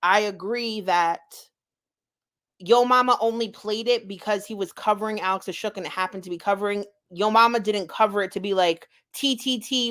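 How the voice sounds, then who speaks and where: Woman explaining her take quickly. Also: mid-range voice. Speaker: panel commentator. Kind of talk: casual commentary chat.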